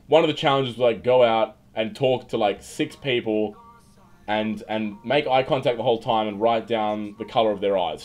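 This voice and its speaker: A man's voice: lowish voice, darkish tone. Rambling young Australian man streaming. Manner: rambling, joking, with frequent fillers and restarts. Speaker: livestream host. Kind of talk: casual livestream chat reading viewer comments. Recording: faint music behind. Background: faint background music.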